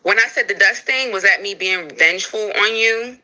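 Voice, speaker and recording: A candid woman talks on a casual livestream. Her voice is strikingly bright and sharp. She circles back and repeats her points, and her pitch sits in the middle. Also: moderate pace, poor audio. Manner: candid, animated, repeats herself. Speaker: livestream co-host.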